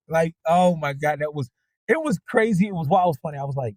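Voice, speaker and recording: A man telling stories casually as a podcast host, profane and animated, his voice shooting up high when he acts out his reactions. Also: fast talker, no echo. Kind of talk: casual storytelling monologue.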